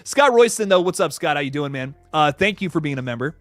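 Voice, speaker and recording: A man's voice: fairly high pitch, animated, fast talker, fairly bright tone, no room sound. A man hosting a livestream, reading chat comments aloud and rambling casually with lots of laughs. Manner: rambling, laughs a lot, frequent restarts. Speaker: YouTube host reading live chat.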